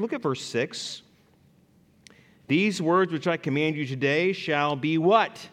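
Man preaching in an echoing hall. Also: unhurried. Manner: animated preaching, rising loud for emphasis and dropping low to read scripture. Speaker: pastor. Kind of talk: sermon. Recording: long reverb in a large hall.

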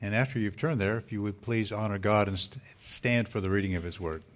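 A man, a pastor, preaching a sermon in a measured, earnest way, with small restarts as he speaks. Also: fairly low pitch.

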